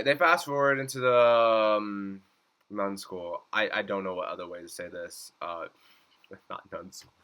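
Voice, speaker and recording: Young guy doing a chatty recap, super bright voice, says like a lot, goes up high doing the quotes. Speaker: reaction vlogger. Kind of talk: casual episode recap.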